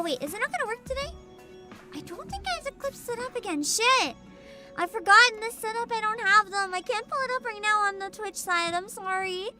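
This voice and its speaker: A young woman hosting a casual VTuber livestream, sleepy and giggly, reading chat aloud. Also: very high voice. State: sleepy and tired.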